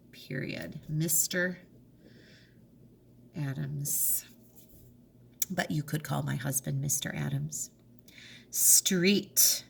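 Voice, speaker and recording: Woman, middle-aged, teacher, slow-paced, patient, spelling letters aloud, lower voice. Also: creaky, slight background noise. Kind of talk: remote reading lesson for children.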